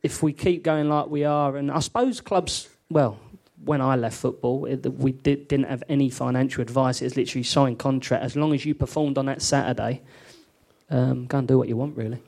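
A man's voice: mid-range voice, fairly even intonation, a little fast, vocal fry, a little mellow. A man, a former footballer, telling anecdotes with lots of laughter on a live podcast in a theatre studio.

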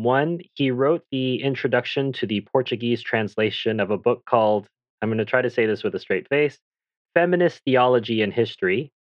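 A young man hosts a talk show, reading from his notes in a measured, dryly ironic way. His voice sits at an ordinary pitch. The sound is dry and close, but dull and lo-fi. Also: dry recording. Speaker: host.

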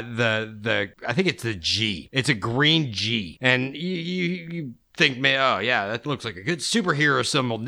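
A man's voice: medium pitch, vocal fry, bright, forceful tone. A man in his thirties hosting a podcast, telling rambling, profane stories in casual chat. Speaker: podcast host.

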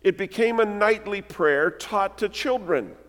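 Male pastor, somewhat high voice, measured sermon delivery, long church reverb. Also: animated, fairly bright tone. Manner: measured, deliberate reading with slowed emphasis. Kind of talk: sermon with scripture reading. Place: large church sanctuary.

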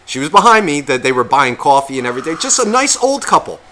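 A man's voice: fairly high pitch, sing-song, fast talker, pushed and bright, a little hiss or hum. A man who is sick, telling a long profane, self-mocking story on a podcast and acting out what people said. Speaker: podcast co-host. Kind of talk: casual storytelling chat.

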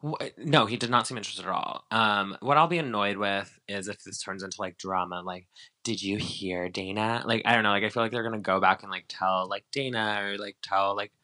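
Bright-voiced chatty man. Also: lowish voice, brisk, hardly any pauses. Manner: animated, filler-heavy, acts out quotes. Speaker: podcast co-host. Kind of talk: casual reality-TV recap chat.

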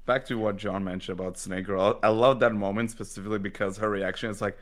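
A man's voice: on the low side, fairly even intonation, quick pace. A man in casual chat about anime, enthusiastic and loose, swearing now and then.

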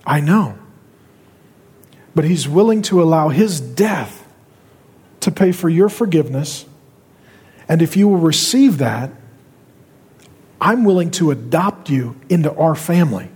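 A middle-aged male pastor preaching a sermon with impassioned, dramatic pauses, in a church auditorium. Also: fairly high pitch, expressive, a little mellow, breathy edge. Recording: reverberant large hall.

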